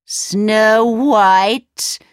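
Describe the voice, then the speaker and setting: Storybook: a vain, menacing wicked queen, slow and drawn out, dry close sound; a woman reads her. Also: medium pitch, expressive, no room sound. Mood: shocked.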